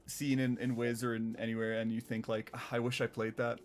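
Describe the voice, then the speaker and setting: A man's voice: medium pitch, flat delivery, a little fast. A man co-hosting a roundtable chat, asking follow-up questions and laughing easily. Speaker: interviewer.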